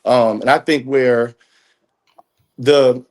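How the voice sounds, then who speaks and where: A man's voice: mid-range voice, fairly even intonation, drawn-out words. A man in casual chat, talking thoughtfully and hedging his points. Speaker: guest.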